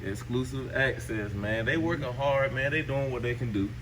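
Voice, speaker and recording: A man talks casually to his viewers from a car service shop, drawling and tacking "man" onto almost every phrase. His voice sits mid-range but swings from low muttering to high excited exclaims. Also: normal speed, background noise. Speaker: car vlogger. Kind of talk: casual vlog talk to viewers. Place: car dealership service area, then in a car.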